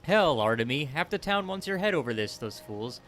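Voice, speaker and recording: A man voicing a cocky, swaggering male gang boss in a put-on bad British accent, loud and blustering, on a headset mic. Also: on the high side, sing-song, normal speed, voice pushed up. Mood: warning.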